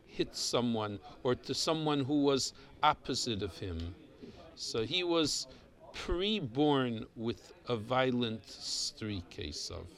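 A man with a teaches a Torah class, moving slowly through each verse. His voice has a gravelly, creaky texture, and he often stops to repeat a word while he thinks. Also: medium pitch. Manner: explains Hebrew text, mixes Hebrew and English terms.

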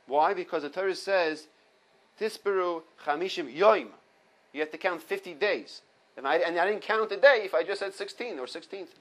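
The audio is poor, but you can hear a man with a high, slightly bright voice at a normal speed. As a Torah teacher in a casual halacha class, he reads from Hebrew texts, explains them stepwise in English, and restates the key ideas, weaving Hebrew quotations into his English.

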